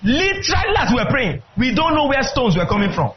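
A man preaching a fervent sermon, breaking into shouts and drawing out words for emphasis. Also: extremely high pitch, very animated, fairly quick, lo-fi sound.

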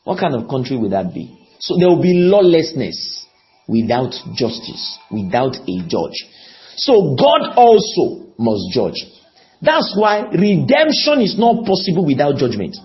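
Slow, emphatic man preaching a sermon. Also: a little high, wildly swooping pitch. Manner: emphatic, slow, pleading, asks the audience questions. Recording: dull lo-fi recording.

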